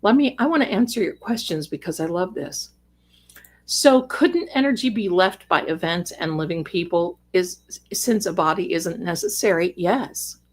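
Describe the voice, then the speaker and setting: A woman hosting a casual livestream from home, chatting with viewers at a desk microphone, rambling warmly and calling them darling and sister. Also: lowish voice, animated, normal speed. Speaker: livestream host and psychic reader. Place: home, cat on her lap.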